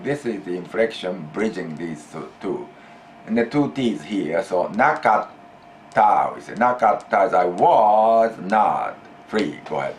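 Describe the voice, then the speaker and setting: Japanese-accented male teacher, lowish voice, repeats and stretches examples for the class. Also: slight background noise. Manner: deliberate, repeats key phrases, stretches out example phrases. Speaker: language teacher. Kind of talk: classroom language lesson.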